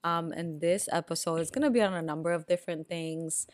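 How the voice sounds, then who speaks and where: A woman's voice: fairly low pitch, fairly quick, dry recording. A young Puerto Rican woman, co-hosting a casual podcast chat with lots of ums. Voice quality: raspy. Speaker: podcast co-host.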